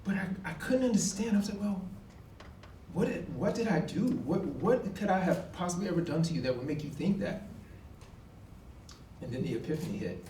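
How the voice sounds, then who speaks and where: Brief: male storyteller, forties, lively and mellow, slightly higher voice, recorded from a distance in an echoey hall. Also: brisk, pauses often, slight background noise. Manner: animated, acts out quoted dialogue with emphatic outbursts. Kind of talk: live personal storytelling. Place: college event hall.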